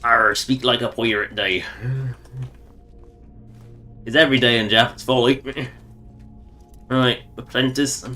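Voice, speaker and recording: A man's voice: medium pitch, fairly even intonation, measured pace, pauses often, bright, forceful tone, soft background music. A man streaming a video game, rambling and joking to himself in casual commentary.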